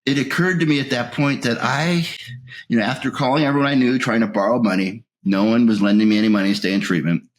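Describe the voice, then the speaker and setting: A man being interviewed, telling his recovery story in a raw, emotional way, his voice rising when anger returns and sinking to a near whisper at the lowest points. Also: fairly even intonation, fast talker. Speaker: interview guest.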